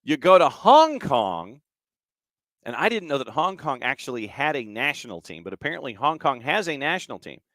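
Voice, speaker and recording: A man hosting a podcast who chats casually, reads out listener comments, and rattles off dates and lists at a brisk clip. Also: mid-range voice, big pitch swings, a bit bright, dry recording, clean studio sound. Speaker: podcast host. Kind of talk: casual chat and news rundown.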